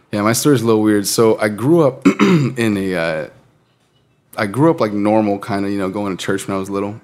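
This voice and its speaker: A man's voice: on the low side, a little mellow. A man in his late twenties, co-hosting a podcast in a laid-back, casual way, swearing freely and laughing often. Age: late 20s. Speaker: podcast co-host.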